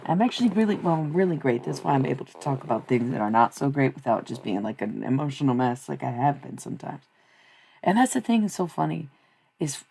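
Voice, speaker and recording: A woman's voice: a bass voice, sing-song, fairly quick, vocal fry, dark tone, slightly rough. A young woman streaming live, chatting casually with her viewers in a blunt, profane, rambling way. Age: young adult. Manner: profane, blunt, swings between ranting and laughing. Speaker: streamer and tarot reader.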